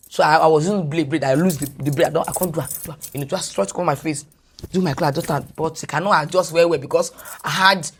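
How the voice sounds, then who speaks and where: A Nigerian woman with a husky, breathy voice recounts her experience as a podcast guest. She sits a little low in pitch and tells it with animated energy, sliding between English and Pidgin as she goes. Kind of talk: personal storytelling in a podcast interview.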